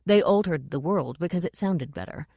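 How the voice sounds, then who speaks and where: Woman audiobook narrator, measured and expressive, lowish pitch, dry close sound. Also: slightly rough, dry recording. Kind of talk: scripted narration.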